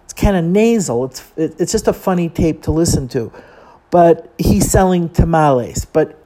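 A woman's voice: lowish voice, lively intonation, normal speed, mellow. A woman from Chicago talking casually and chattily, wandering off on side notes and poking fun at herself. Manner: chatty, digressive, self-deprecating. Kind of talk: casual monologue.

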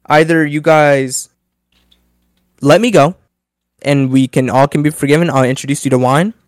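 A man's voice: fairly high pitch, steady tone, moderate pace, dry recording, clean studio sound, close to an everyday voice. A man voicing a laid-back, hungover male wine god who talks in a chill, bro-ish way. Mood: smug.

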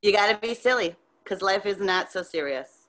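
A woman musician appearing as a guest in a casual podcast interview, with a mid-range voice. She talks in a loose, animated way, swearing freely as she tells her stories. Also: mid-range voice, moderate pace. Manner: loose, profane, animated storytelling.

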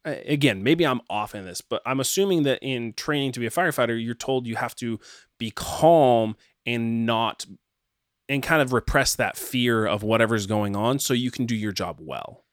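A man's voice: medium pitch, normal speed, no echo, studio quality. A man in a casual faith discussion, thinking aloud reflectively with frequent fillers and restarts.

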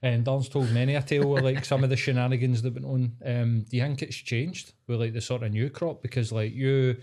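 A Scottish man of middle pitch, co-hosting a podcast. He asks his questions hesitantly, filling gaps with ums and likes, in relaxed conversation. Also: fairly quick. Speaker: podcast co-host. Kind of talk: casual podcast chat.

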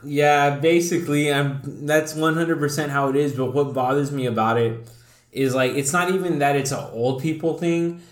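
A man's voice: a little high, steady tone, normal speed, reverberant. A man with a South Texas accent hosting a casual podcast, talking bluntly and swearing freely while poking fun at himself. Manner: profane, blunt and self-mocking. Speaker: podcast host.

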